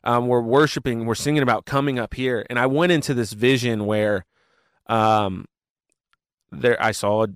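A man talking casually in an interview, animated and full of fillers as he tells his story. His voice is smooth and resonant, at a middle pitch, and the recording is dry and close. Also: dry recording. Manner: animated storyteller with many fillers and quick asides. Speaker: worship pastor, guest.

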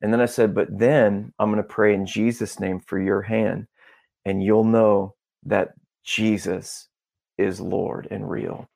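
A man as a podcast guest, telling a story in a casual, animated way and acting out the dialogue. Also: lowish voice, measured pace, gravelly. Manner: animated, acts out dialogue, peppers talk with "bro" and "dude".

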